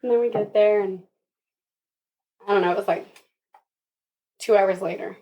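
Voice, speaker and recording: A woman's voice: medium pitch, steady tone, moderate pace, vocal fry, warm tone. A young woman, a podcast guest, telling her birth story casually and with animation, laughing often and acting out what others said.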